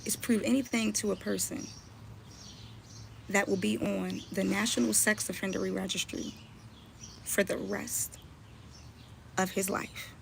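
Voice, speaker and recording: A woman's voice: medium pitch, creaky, a little hiss or hum. A woman blogger and mother ranting on a live stream, scolding and confronting someone she is talking about. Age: adult, mother.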